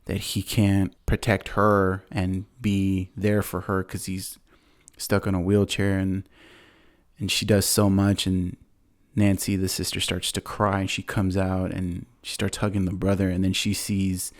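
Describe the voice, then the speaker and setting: Low-voiced man rambling through a story. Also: monotone, a little slow. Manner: rambling, filler-heavy, laughs often. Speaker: podcast host. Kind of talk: casual chat, retelling a movie plot.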